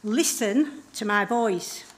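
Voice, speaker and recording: A woman voicing Jesus as a calm, reassuring grown man in a retold film story, speaking gently and coaxingly. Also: mid-range voice, slow pace, close to an everyday voice. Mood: soothing.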